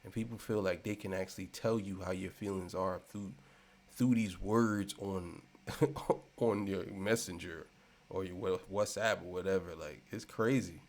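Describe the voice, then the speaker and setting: A man giving a casual commentary rant, repeating himself and swinging between loud and soft. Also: low-pitched, fairly even intonation, a little slow. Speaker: commentary channel host.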